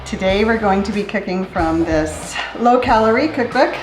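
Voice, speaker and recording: A woman's voice: mid-range voice, lively intonation, normal speed, echoey room, faint music behind, poor audio. A woman co-hosting a casual home cooking video in her kitchen, chatty and joking. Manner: chatty, jokes with mock accents. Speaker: cooking show co-host.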